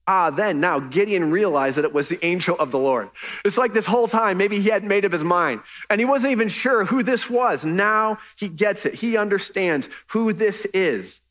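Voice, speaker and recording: A man's voice: sits high, fairly bright tone. A man preaching a sermon as pastor, earnest and conversational, pressing his points with emphasis.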